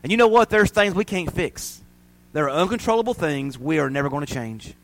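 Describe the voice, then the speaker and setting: A man preaching a sermon, telling stories and building to loud, fervent peaks. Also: on the high side, animated, fairly quick, poor audio.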